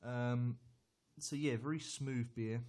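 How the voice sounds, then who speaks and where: A man's voice: medium pitch, fairly even intonation, slow, darkish tone. A man reviewing a beer on a live stream, chatty and hesitant, often repeating words as he answers viewers.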